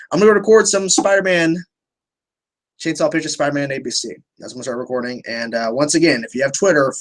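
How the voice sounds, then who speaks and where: A young man hosting a casual livestream, answering viewer questions in a rambling way, restarting sentences and swearing freely. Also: medium pitch.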